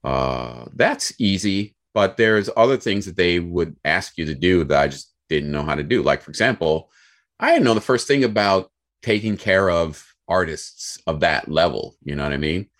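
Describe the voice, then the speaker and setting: A young American man telling a work story in a casual, animated way, acting out the people he quotes. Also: deep voice, normal speed. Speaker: guest.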